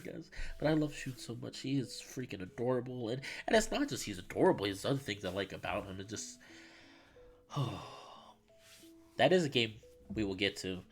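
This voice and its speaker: A man streaming live, reading a visual novel aloud and chatting in an excitable, rambling way. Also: medium pitch, moderate pace, faint music behind.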